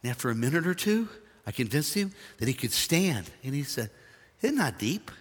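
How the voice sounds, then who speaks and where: An older man preaching a sermon, folksy and jokey, swinging from hushed asides to shouting. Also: mid-range voice, big pitch swings, moderate pace, husky, long reverb tail. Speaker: pastor.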